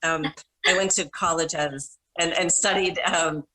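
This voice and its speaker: A middle-aged woman with a bright, forceful voice that sits a little low. She tells long, animated stories as a panel guest, often correcting herself mid-sentence. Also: a little slow, rough recording. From Minnesota. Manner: rambling, self-correcting, animated anecdotes. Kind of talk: casual storytelling.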